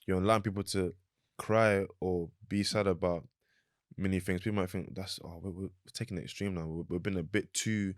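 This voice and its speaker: Young man, low voice, meandering co-host, dry close sound. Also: steady tone, fairly quick, no echo. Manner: rambling, searching for words, many fillers. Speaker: podcast co-host. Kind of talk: casual podcast conversation.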